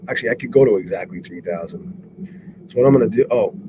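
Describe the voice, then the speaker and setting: A man on a live stream, swearing a lot and talking excitably while he reads out viewers' names and goes over his trades. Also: lowish voice, a little fast. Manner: profane, excitable, shouts out chat viewers. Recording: steady background noise.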